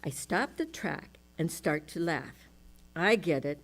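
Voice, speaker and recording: A woman reading aloud to a spiritual congregation in a measured, unhurried way. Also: deep voice, animated. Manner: slow, measured reading with light laughter. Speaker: speaker at a spiritual center service.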